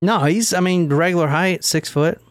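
Podcast host, male, slightly high voice, dry close sound, loose and crude storyteller. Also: normal speed, no room sound. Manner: loose, profane, joking storyteller. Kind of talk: casual storytelling chat.

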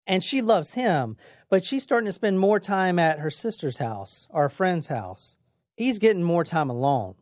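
A woman's voice: deep voice, a little mellow, no room sound, studio quality. A woman hosting a podcast, telling a true crime story in a casual, blunt way, with swearing. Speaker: podcast host.

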